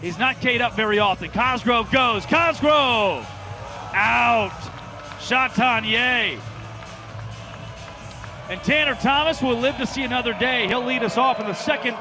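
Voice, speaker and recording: A man calling a live baseball game from the broadcast booth, excitable and jokey, often shouting the big plays. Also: very high voice, a little slow, music in the background, a crowd in the background. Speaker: play-by-play announcer.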